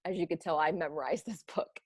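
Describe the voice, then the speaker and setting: A woman teacher giving a read-aloud writing lesson for children, animated and expressive, a parent herself. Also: low voice, quick pace, breathy edge, dry recording, clean studio sound. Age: adult, parent of children. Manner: animated, expressive, bursts of excitement.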